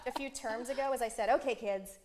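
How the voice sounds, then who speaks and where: Animated fast-talking woman from Canada. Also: on the high side. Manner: animated, fast, self-deprecating and enthusiastic. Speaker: guest, speaker coach. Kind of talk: casual talk show chat.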